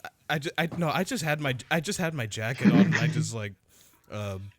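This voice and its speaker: Rambling crude podcast host. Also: male voice, mid-range voice, expressive, a little fast, no room sound. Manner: rambling, crude, restarts a lot. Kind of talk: casual chat, telling a story.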